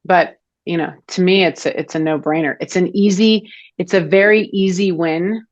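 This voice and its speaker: A woman's voice: lowish voice, fairly even intonation, normal speed, lo-fi sound. A woman in her forties, a foot health clinician, explaining things casually with many fillers and restarts in an interview.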